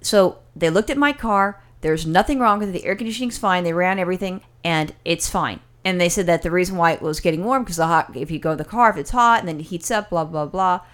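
Woman co-host, quick and heated, swears freely. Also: lowish voice, a bit bright. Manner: heated, profane storytelling. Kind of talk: casual chat.

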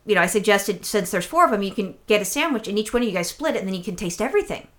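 Fast-talking woman telling a funny story. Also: mid-range voice. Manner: animated, acts out voices in quotes, swears freely. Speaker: podcast co-host telling a story. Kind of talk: casual storytelling chat.

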